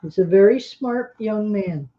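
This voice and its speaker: A woman co-hosting a livestream, relaxed and friendly, reading out viewer comments. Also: mid-range voice, a little slow, a little hiss or hum. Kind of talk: casual livestream chat. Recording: dull lo-fi remote audio.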